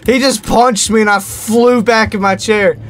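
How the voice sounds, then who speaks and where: A young man playing a horror game and commenting as he goes, reading on-screen text aloud in a slow low voice and yelping and shouting at the scares. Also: fairly even intonation, faint music behind. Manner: jumpy, yelps and shouts at scares. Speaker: gaming YouTuber.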